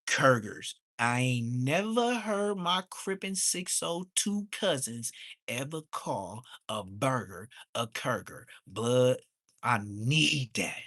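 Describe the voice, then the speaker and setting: A man, ranting on a livestream. He is heated and mocking, and his voice suddenly jumps high. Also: a bit bright, no room sound, clean studio sound. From Inglewood, Los Angeles. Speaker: livestream host. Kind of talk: profane livestream rant.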